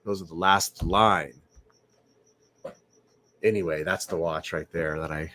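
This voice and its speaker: A man with a very low voice hosts a casual late-night livestream from home. He rambles, repeats himself and keeps asking his viewers whether they agree. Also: steady tone, a little slow, long pauses, fairly bright tone, no room sound. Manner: rambling, repeats words, asks viewers questions. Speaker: livestream host.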